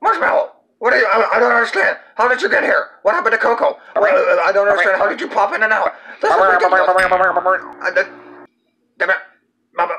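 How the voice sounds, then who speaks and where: A man voicing an excitable stuffed-animal puppet co-host who mocks and gets confused. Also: high-pitched, quick pace. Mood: excited. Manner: bouncy, mocking, confused. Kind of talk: puppet comedy sketch.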